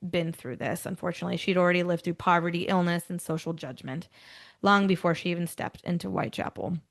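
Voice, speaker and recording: Gravelly-voiced woman hosting a true-crime podcast. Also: on the low side, steady tone, fast. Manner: switches between scripted storytelling and chatty asides. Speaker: podcast host. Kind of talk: casual true-crime chat mixed with read narration.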